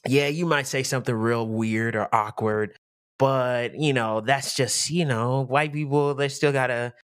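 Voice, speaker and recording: A man talking thoughtfully on a podcast, pausing and restarting mid-thought. His voice sits at a middling pitch. The sound is close and dry, with no room around it. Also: fairly even intonation, a bit bright, smooth, no room sound. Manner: reflective, speaks in halting restarts. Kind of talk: casual podcast discussion.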